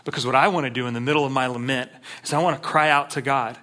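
A man preaching a sermon as a pastor, impassioned, dropping to a hush and then rising to emphatic peaks as he acts out prayers. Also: mid-range voice, fairly even intonation, quick pace. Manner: impassioned, swings from hushed to emphatic; acts out prayers in first person.

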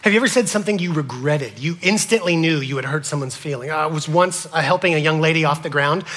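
A man preaching a sermon to his congregation, asking them questions and swinging from loud to whispered. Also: fairly high pitch, quick pace. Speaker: pastor.

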